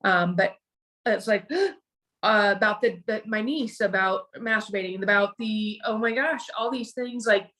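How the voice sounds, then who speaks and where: Middle-aged woman, podcast guest, emotional and halting storytelling full of restarts. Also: mid-range voice, fairly bright tone. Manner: halting, with frequent restarts and repeated words.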